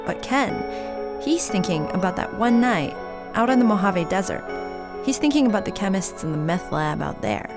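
A woman's voice: medium pitch, lively intonation, normal speed, over music. Woman narrating a radio story.

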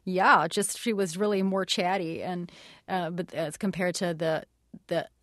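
A woman's voice: lowish voice, steady tone, a little slow, fairly bright tone, no echo, clean studio sound. A woman guest in a radio interview, explaining her craft thoughtfully with many hesitations and light laughs. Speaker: actress and guest.

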